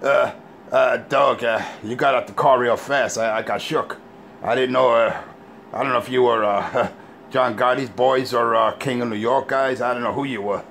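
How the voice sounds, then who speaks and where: A man's voice: medium pitch, steady tone, normal speed, vocal fry, fairly bright tone, slight background noise. A man voicing a cowardly, whiny man who stammers and shrieks for help. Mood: whining. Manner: stammering, panicky.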